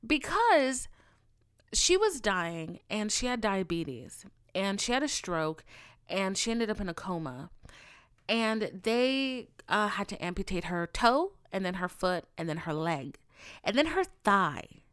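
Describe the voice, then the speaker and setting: A woman hosting a podcast, talking in a casual, animated monologue with frequent swearing and self-mocking rants. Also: mid-range voice, unhurried, clean tone, no room sound, studio quality. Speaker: podcast host.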